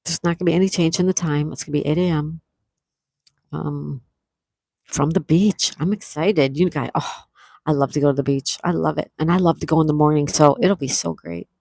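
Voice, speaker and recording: Middle-aged woman livestream host, low gravelly voice, dry close sound, friendly comment-reading chat. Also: steady tone, brisk, no echo. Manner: chatty, reads viewer comments aloud and thanks them; soft-spoken with sweet exclamations. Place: outdoors near calm water.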